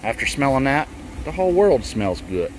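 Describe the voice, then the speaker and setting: An American man hosts a laid-back cooking vlog at an outdoor grill, raving excitedly about the food. His voice is mid-range with wide pitch swings at a normal pace, and wind and outdoor noise cut across it on this breezy day.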